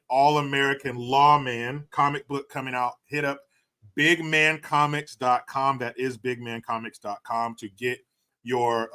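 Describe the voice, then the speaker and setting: A man's voice: mid-range voice, bright, forceful tone. A man hosting a livestream who reads out viewer messages and banters in a joking, profane, laid-back way. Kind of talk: casual chat.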